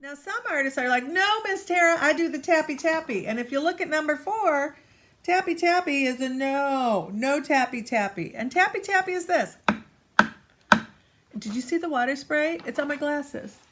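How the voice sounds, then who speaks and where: A woman art teacher talks to young students in a playful, lively classroom manner. Her voice sits a little high for a woman. It is recorded on a tablet or phone camera in a school art room. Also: normal speed. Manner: playful, animated teacherly delivery. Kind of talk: children's art lesson.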